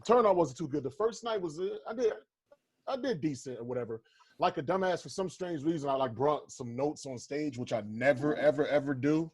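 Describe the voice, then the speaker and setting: A man's voice: a little high, lively intonation, fairly quick, darkish tone, breathy edge, no echo. A man, a comedian, telling a story in casual chat over a video call, swearing freely and acting out the quotes. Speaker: stand-up comedian, guest.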